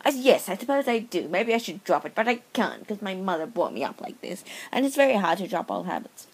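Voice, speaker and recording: A woman's voice: mid-range voice, sing-song, brisk, slightly rough, low-quality recording. A woman playing a fussy male caller in a comedy sketch, an Australian putting on a bad posh British accent. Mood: indignant. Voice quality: put-on plummy, fussy diction.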